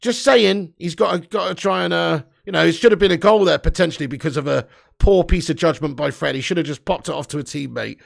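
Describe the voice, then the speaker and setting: A man's voice: on the high side, fast talker, vocal fry. A young man hosting a live football watch-along, commentating and ranting with lots of swearing. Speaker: fan watch-along host.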